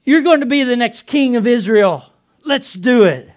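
A man playing excitable fisherman Peter, high-voiced. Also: unhurried, close to an everyday voice. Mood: earnest storytelling. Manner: earnest, excitable storyteller. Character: Simon Peter, impulsive adult fisherman apostle. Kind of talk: first-person dramatic monologue.

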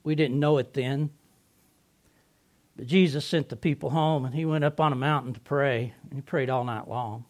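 A man playing the apostle Peter, an impulsive fisherman, telling his story in an earnest, excitable first-person dramatic monologue. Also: mid-range voice, normal speed, close to an everyday voice. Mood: earnest storytelling.

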